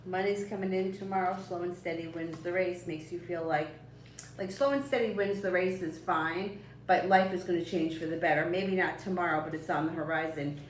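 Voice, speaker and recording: A woman gives live-stream tarot readings in a chatty, reassuring way, rambling along with fillers and soft little laughs. Her voice sits a little low. She sounds a bit away from the mic, in an echoey room with a faint hiss behind her. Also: steady tone, fairly quick, distant mic. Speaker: tarot reader.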